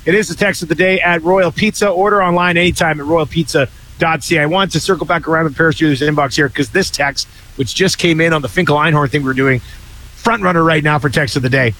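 A man's voice: on the high side, quick pace, sharp tone, slight background noise, low-quality recording. A man hosting a casual sports radio show, joking, laughing often and reading out ads and listener texts.

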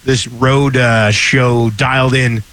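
A man's voice: mid-range voice, steady tone, takes it slowly, fairly bright tone. A man hosting a sports talk radio show, bantering loosely and joking as he fixes his studio mic live. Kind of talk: casual on-air banter. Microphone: studio microphone.

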